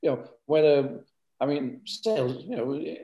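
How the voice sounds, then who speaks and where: A man's voice: mid-range voice, expressive, measured pace, warm tone. A man with a northern English accent, an author chatting as a guest, rambling and often repeating words. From north of England. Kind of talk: casual interview chat.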